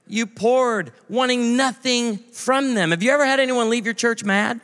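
A man's voice: very high-pitched, normal speed, hardly any pauses, pushed and bright. A man in his forties preaching a sermon, telling stories with comic voices and asides to the audience. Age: 40s. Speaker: pastor. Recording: long hall reverb.

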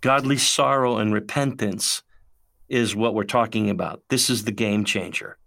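Brief: male show host, lowish voice, steady, guiding questions. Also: moderate pace, gravelly. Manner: steady, leads the guest through a list and asks questions. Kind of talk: interview hosting.

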